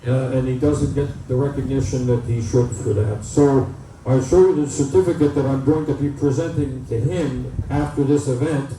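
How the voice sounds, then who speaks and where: A man's voice: medium pitch, fairly even intonation, moderate pace, warm tone. A man, emceeing an event and telling folksy jokes with plenty of uhs. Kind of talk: joke telling at a community event. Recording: echoey PA, distant mic, faint noise.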